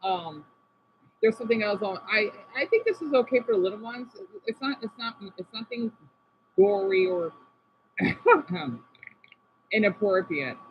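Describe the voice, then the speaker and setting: A man with a high-sitting voice and lively intonation talks a little slowly, pausing often. He chats casually as a vlogger, reacting to videos with rambling, apologetic, playful asides. The recording sounds slightly dull, with faint background noise.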